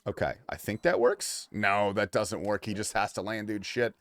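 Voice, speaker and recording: A man's voice: fairly low pitch, normal speed, no echo. A man streaming a video game, chatting casually and swearing as he reacts to the game and his chat. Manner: loose and profane, reacting to gameplay and chat; shifts between mumbling asides and excited outbursts. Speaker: livestreamer. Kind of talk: casual gaming livestream chat.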